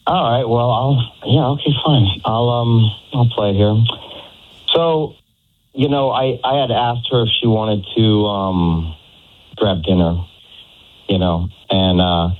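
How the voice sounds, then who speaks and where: A man's voice: lowish voice, takes it slowly. A man on a phone call telling a story about a date, hesitant and full of fillers. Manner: hesitant, many fillers and restarts. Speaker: caller on the phone. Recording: tinny phone line.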